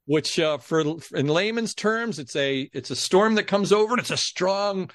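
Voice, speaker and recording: A man who is a guest on a podcast, telling a story in a casual, animated way and acting out the people he quotes. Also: sits high, moderate pace, no room sound.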